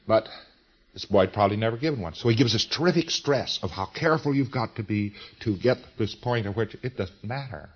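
A man's voice: on the low side, slightly rough, lo-fi sound. A man giving an informal lecture in a folksy, emphatic way, with slang and repeated phrases.

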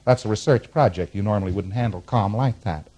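With a lowish, warm voice and a brisk pace, a man gives a classroom lecture as an instructor. He steps through diagrams on the board, acts out quick examples, and lets out the occasional chuckle.

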